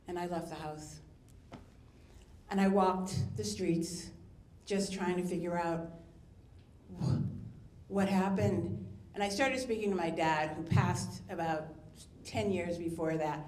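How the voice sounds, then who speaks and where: A woman's voice: lowish voice, fairly even intonation, takes it slowly, pauses often, darkish tone, roomy sound, slight background noise. A woman performing a candid, confessional personal story as a storyteller.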